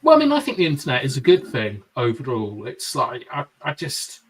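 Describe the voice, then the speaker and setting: A man's voice: mid-range voice, huge pitch swings, brisk, slightly rough, distant mic, poor audio. A man hosting a casual live football fan show, reading out viewer comments with jokey asides. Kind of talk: casual live-stream chat.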